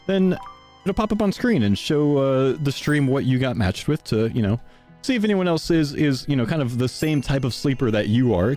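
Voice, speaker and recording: A man's voice: mid-range voice, darkish tone. Breathless streamer man, chatty sponsor read. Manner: casual, chatty, talks to chat.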